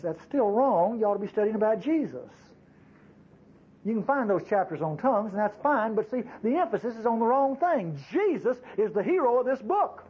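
Folksy preacher, high lively voice. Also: male voice, a little fast, slightly rough, lo-fi sound. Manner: folksy, conversational preaching with asides to the congregation. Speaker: pastor. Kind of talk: sermon.

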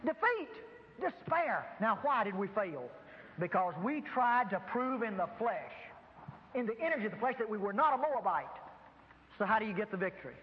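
A man's voice: sits high, sing-song, moderate pace, big-room sound, lo-fi sound. A man preaching a sermon to a congregation, emphatic and dramatic, acting out dialogues. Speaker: pastor. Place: large room before a congregation.

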